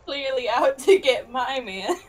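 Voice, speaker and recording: A woman's voice: high-pitched, unhurried. A young woman chiming in with teasing remarks and laughter while her friend reads aloud. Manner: teasing interjections, laughs often. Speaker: co-host reacting to reading. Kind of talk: casual chat.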